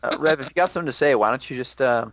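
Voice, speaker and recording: A man's voice: medium pitch, racing, a bit bright, no echo, studio quality. A man co-hosting a podcast, teasing the others and tossing in wisecracks during casual banter. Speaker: podcast co-host.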